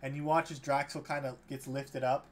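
Brief: a male game master, mid-pitched, easygoing rambling narration. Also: moderate pace, slight background noise. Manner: relaxed, loose descriptive narration with hedges.

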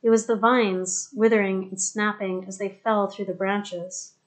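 A woman narrating an audiobook in a steady, even storytelling manner. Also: medium pitch, unhurried. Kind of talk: scripted narration.

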